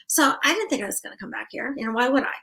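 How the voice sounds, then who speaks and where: A woman's voice: fairly high pitch, expressive, racing, gravelly, noisy background. A middle-aged woman from New Hampshire, a guest telling her story casually in an interview, acting out the voices she quotes. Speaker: guest, asylum owner.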